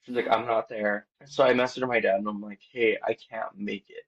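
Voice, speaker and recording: Low-voiced man telling a long story, muffled audio. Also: moderate pace. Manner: rambling, heavy on "like" and quoted dialogue; quiet and low-key, lifting when excited. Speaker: podcast guest, band vocalist. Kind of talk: casual storytelling interview. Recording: dull, muffled podcast audio.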